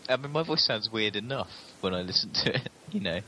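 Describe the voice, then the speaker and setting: A man's voice: lowish voice, expressive, a little fast, pushed and bright, slight background noise, low-quality recording. A man co-hosting a podcast, explaining ideas patiently in an agreeable casual chat. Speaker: podcast co-host.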